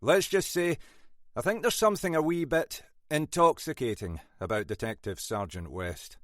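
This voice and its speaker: A man's voice: fairly high pitch, animated, moderate pace, no echo, pitched above the performer's own voice, lightly acted. A man voicing a brusque, scolding older Scottish male detective inspector in an audiobook. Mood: stern. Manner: brusque, scolding, dry wit. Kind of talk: audiobook character voice.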